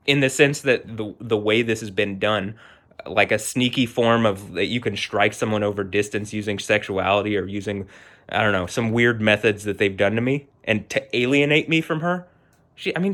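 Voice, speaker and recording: A man's voice: fairly low pitch, a bit bright. A man vlogging an agitated, heated rant, shaking with anger and repeating himself. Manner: agitated, heated, repetitive, swearing. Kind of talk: angry personal rant to camera.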